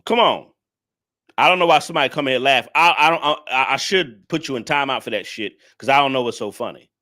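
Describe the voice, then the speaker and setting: A man's voice: medium pitch, brisk, sharp tone. A man hosting a livestream, scolding his viewers in a preachy, repetitive rant. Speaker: livestream commentator. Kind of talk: ranting livestream commentary.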